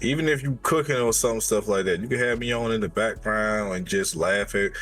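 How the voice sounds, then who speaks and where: A man's voice: on the low side, fairly quick, a bit bright, faint music behind. A man talking as a podcast guest in casual chat, laid-back and slangy. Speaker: guest streamer.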